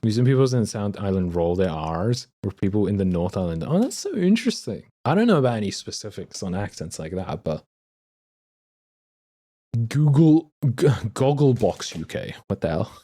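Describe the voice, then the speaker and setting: A young man livestreaming, chatting casually and excitably with viewers and reading chat aloud. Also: on the low side, normal speed. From Australia.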